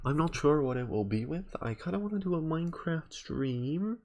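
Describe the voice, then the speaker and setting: A man's voice: on the high side, very animated, normal speed, a little mellow. A young man chatting casually while streaming a game, rambling and thinking aloud with lots of fillers.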